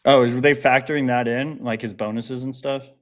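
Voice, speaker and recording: A man's voice: medium pitch, fairly even intonation, a little fast. A man co-hosting a podcast in casual chat, blunt and opinionated, swearing freely. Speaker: podcast co-host.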